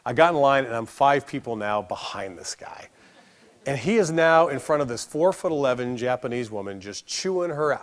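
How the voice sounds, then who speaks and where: Middle-aged us guy doing a keynote, tells stories, does the voices, pretty lively. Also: medium pitch, a little fast. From United States. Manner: animated storyteller, acts out voices, laughs along. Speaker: keynote speaker. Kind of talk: conference keynote with anecdotes. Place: conference hall stage.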